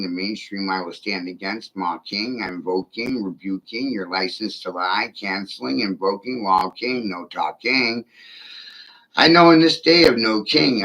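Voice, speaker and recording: A man's voice: fairly low pitch, gravelly, sharp tone, poor audio. A man delivering an insistent, profane spoken-word monologue built on chanted, repeating rhymes.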